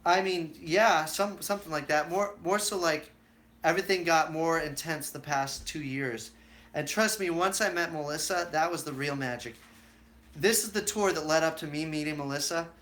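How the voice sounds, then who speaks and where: A man's voice: fairly high pitch, moderate pace, fairly bright tone. A man hosting his own live stream, chatting casually and telling stories with plenty of fillers and acted-out quotes.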